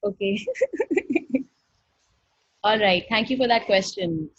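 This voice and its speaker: Husky-voiced woman leading an online workshop. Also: medium pitch, slow pace, no room sound. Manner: effusive, earnest, quotes dialogue animatedly. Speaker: workshop facilitator. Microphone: video call. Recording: dull dry video-call audio.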